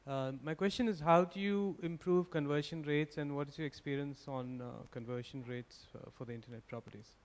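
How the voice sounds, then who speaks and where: A man in the audience asks a question in a slightly raised pitch. He hesitates and fills pauses with "uh". His voice rings through a large hall. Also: fairly even intonation. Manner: hesitant, with many fillers. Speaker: audience member asking a question. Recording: echoey conference hall.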